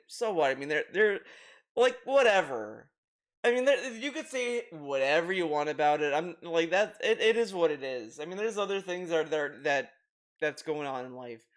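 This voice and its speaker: A man's voice: high voice, a bit bright. A man hosting a commentary video, reacting with rambling, restarting sentences, swearing and laughing.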